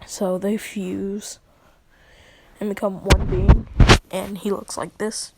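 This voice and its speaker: A woman's voice: medium pitch, little pitch movement, takes it slowly, heavy background noise. A woman casually retelling a comedic fan story in laid-back slang, laughing along as she goes.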